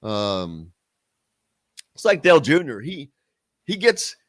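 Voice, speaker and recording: A man's voice: medium pitch, big pitch swings, slow pace, no echo. A man hosting a casual sports talk radio show, chatting and reading listener comments aloud.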